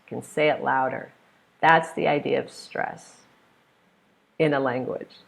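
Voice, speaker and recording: American woman, teacher type, low and heavily gravelly voice, unhurried, patiently drills example words with firm emphasis. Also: steady tone. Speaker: English pronunciation teacher. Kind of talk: online pronunciation lesson.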